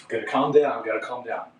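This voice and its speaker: A man live-streaming to his chat, excitable and out of breath between handstand attempts, talking casually at home. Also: mid-range voice, moderate pace, far from the mic. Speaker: fitness streamer. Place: indoor room upstairs at home. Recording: echoey room with faint ambient noise.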